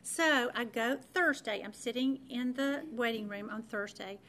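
Middle-aged woman, Christian talk host, chatty testimony, a touch high-pitched. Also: unhurried, a bit bright, slight background noise. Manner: chatty, self-deprecating, many fillers and restarts. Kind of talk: personal testimony storytelling.

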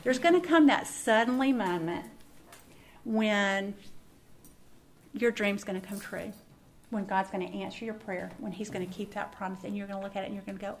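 A woman's voice: mid-range voice, moderate pace. A middle-aged woman, teaching a sermon to a women's group in a folksy style that speaks straight to the room. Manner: folksy, warm address to the room.

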